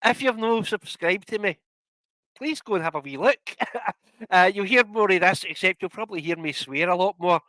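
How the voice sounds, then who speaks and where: A man's voice: high voice, normal speed, sharp tone, no room sound, poor audio. A man with a Scottish accent chatting as a podcast guest, laughing often and breaking into rants. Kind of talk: casual podcast chat.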